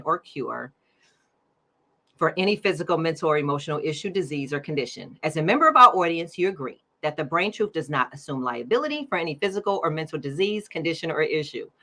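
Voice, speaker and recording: Bright-voiced chatty woman host. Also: fairly low pitch. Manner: chatty and upbeat, laughing often. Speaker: podcast host. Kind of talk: casual livestream chat.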